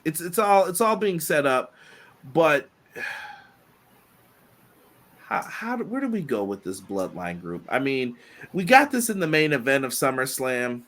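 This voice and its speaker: A man co-hosting a casual wrestling podcast, talking in an animated way. He laughs often and teases his co-host playfully, in relaxed, conversational delivery. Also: a little high, a little slow, long pauses.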